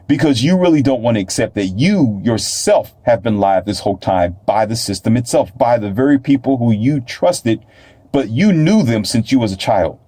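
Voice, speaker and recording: Warm and mid-range, this man's voice has lively intonation and a moderate pace, with no room sound at all. A self-published author and talk host, he rambles and preaches through a casual solo monologue, occasionally jeering at imagined skeptics in a louder voice.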